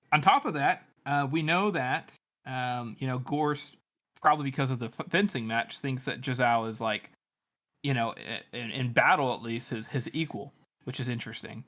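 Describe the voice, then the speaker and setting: A man's voice: medium pitch, bright, forceful tone. A man co-hosting a casual book podcast, rambling with frequent fillers. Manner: rambling, lots of likes and ums. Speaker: podcast co-host.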